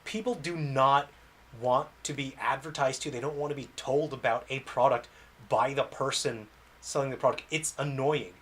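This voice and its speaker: A man chats casually with his livestream audience about being a game developer. He rambles, puts himself down and laughs between thoughts, in a mid-pitched, everyday voice. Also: steady tone, moderate pace, a bit bright. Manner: rambling, self-deprecating, laughs often.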